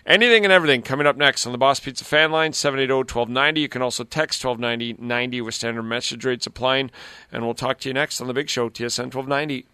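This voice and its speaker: A man hosting a sports talk radio show, reading promos and introducing callers in a brisk announcer delivery. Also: medium pitch, bright, forceful tone, clean tone, dry recording, clean studio sound.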